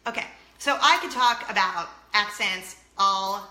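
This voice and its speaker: A woman in her thirties hosts a chatty vlog, bubbly and gushing as she speaks directly to her viewers. Her voice is medium-pitched, unhurried and sharp in tone, in an echoey room.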